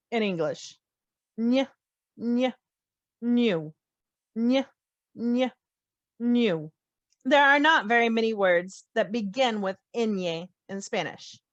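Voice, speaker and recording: A woman teaching a phonics lesson, slowly sounding out letters and repeating each word with care. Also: fairly high pitch, dry recording, dull audio. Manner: slow, carefully sounds out letters and words. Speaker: language teacher. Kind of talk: slow children's phonics lesson.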